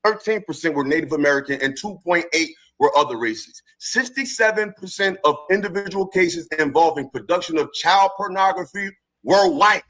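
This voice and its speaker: A man's voice: fairly high pitch, expressive, normal speed, fairly bright tone, low-quality recording. A man on a live-stream panel reading statistics aloud and pushing on through interruptions.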